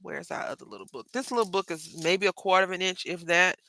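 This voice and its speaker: Hosting a casual live craft tutorial, a woman with a Southern Texas accent chats and rambles, often calling her viewers y'all. Her voice is lowish and sharp-toned, she talks fast, and there's no echo.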